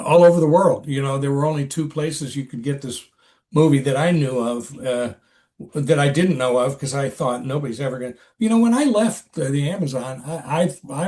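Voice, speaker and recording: A man's voice: mid-range voice, a little mellow. Rambling older man telling a story. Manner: rambling, halting, many restarts and fillers. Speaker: actor, podcast guest. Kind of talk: casual interview storytelling.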